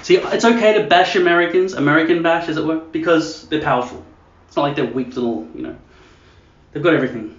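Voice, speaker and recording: A man's voice: a little high, fast talker, slight background noise. A man vlogging casually at home, joking and swearing as he rambles. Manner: crude, joking, mocking. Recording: echoey dull room sound.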